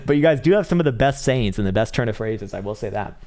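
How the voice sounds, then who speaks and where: A man's voice: mid-range voice, animated, quick pace, darkish tone. An American man in casual live-stream commentary, reading viewer comments aloud and talking through charts in a laid-back, profane way. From United States. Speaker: livestream trading analyst.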